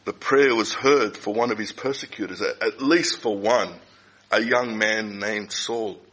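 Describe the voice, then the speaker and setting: A middle-aged man delivers a sermon in a somewhat low voice with a forceful, bright edge. He speaks deliberately and often repeats a phrase to drive his point home. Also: poor audio. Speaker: preacher.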